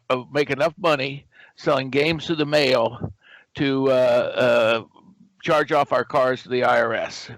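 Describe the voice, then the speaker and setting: Older man, lively storyteller, dry close sound. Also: mid-range voice, creaky, no echo, low-quality recording. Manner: animated storyteller who acts out quoted dialogue. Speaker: guest, game company founder. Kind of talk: anecdotal storytelling.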